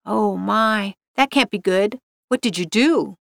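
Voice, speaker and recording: A woman's voice: mid-range voice, slow pace, vocal fry, dry recording, studio quality. A woman reading the part of a sarcastic, unhelpful female office assistant with a mock-innocent manner. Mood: unbothered.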